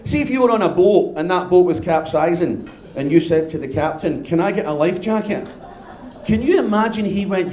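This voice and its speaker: A Scottish man in his fifties works a live comedy crowd in a high, bright voice. He is brash and sweary and gets loud as he banters. The sound is echoey, as from a live venue. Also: normal speed. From Scotland. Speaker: stand-up comedian. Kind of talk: live stand-up routine.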